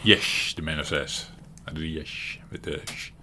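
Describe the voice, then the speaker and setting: An extremely low, sharp-toned voice with a completely flat delivery belongs to this Dutch man from the Netherlands, speaking at normal speed. He hosts a retro gaming channel and chats ramblingly through casual gameplay commentary, chuckling often and restarting frequently. There's a little hiss or hum.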